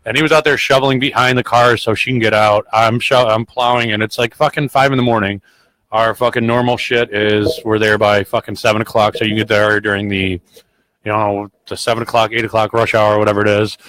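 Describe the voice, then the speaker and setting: A man's voice: lowish voice, flat delivery, brisk, low-quality recording. Foul-mouthed, blunt podcast host man. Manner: heavy swearing, blunt and rambling; grows loud and heated when retelling arguments. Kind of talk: casual storytelling chat.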